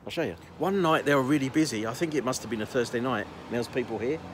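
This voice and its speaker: A man's voice: mid-range voice, fast talker, noisy background. A man vlogging casually as he walks city streets, telling rambling stories with plenty of restarts. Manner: chatty, rambling storyteller with laughs. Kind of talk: casual walking vlog chat.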